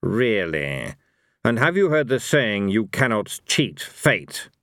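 A man voicing a cold, proud male god of fate with a measured way of speaking. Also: fairly low pitch, very animated, a bit bright, no room sound, studio quality, heavily acted.

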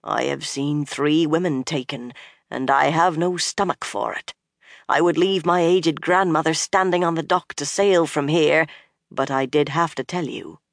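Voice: medium pitch, a little slow, vocal fry, no room sound, studio quality. A narrator doing a shaken old-fashioned sea captain. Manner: old-fashioned country dialect with "did" forms; shaken and rueful. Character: gruff male sea captain, scared, speaking old dialect.

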